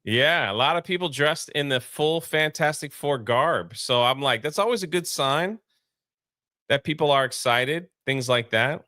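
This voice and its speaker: A man's voice: a little high, expressive, a little slow, sharp tone, no echo, clean studio sound. A man co-hosting a casual movie review chat, talking in a rambling, laid-back way with many fillers. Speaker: co-host of a movie review show.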